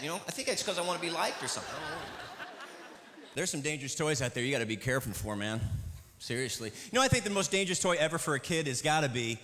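A man from the American Midwest doing a stand-up comedy set, animated and slipping into silly voices for his jokes. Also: fairly high pitch, quick pace. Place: comedy club stage before a laughing audience. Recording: roomy live club recording with audience noise.

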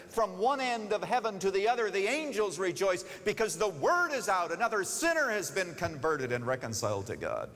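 A man preaching a sermon, telling stories with expression and giving the characters their own voices as he urges his listeners. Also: mid-range voice. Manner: expressive storytelling, voicing characters, urging listeners. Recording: long reverb of a large hall.

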